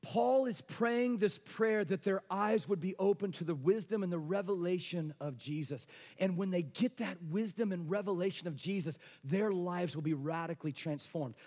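A man preaching a sermon with fervour, calling for responses and moving between loud bursts and hushed passages. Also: sits high, normal speed. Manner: passionate preaching with call-and-response, swinging between loud and soft. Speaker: pastor. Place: church sanctuary. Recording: long hall reverb.

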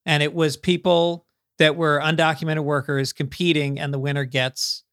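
A man, a comedian guest on a podcast, telling a story in relaxed casual chat with quick asides. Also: a little high, clear, resonant tone, no echo, studio quality.

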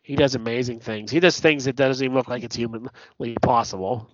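A man co-hosting a podcast, chatting casually about sports, blunt and profane, telling stories with animated asides. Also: medium pitch, a little fast, no echo. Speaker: podcast co-host. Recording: dull lo-fi podcast audio, dry.

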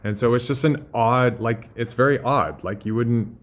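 A man in a mid-pitched voice hosting a casual Bible study podcast. He talks in a relaxed, rambling way with lots of fillers, now and then switching to a crisper, more emphatic delivery. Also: normal speed. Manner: relaxed, filler-heavy storytelling. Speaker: podcast host.

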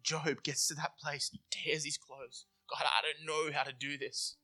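A man's voice: a little high, little pitch movement, normal speed, pushed and bright, husky. A man preaching a sermon in an earnest, conversational way, slipping into acted inner voices to make his points. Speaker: pastor.

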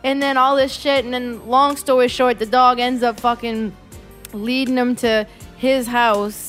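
A woman's voice: on the high side, fairly even intonation, fairly quick, faint music behind. A woman casually retelling a movie plot, profane and sarcastic, slipping into exaggerated character voices. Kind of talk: casual comedic movie recap.

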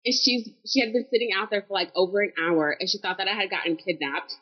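A young woman telling a story in a casual group chat, acting out other people's lines with lively energy. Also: mid-range voice, fast talker, husky, muffled recording. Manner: animated, acts out quotes. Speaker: panel guest.

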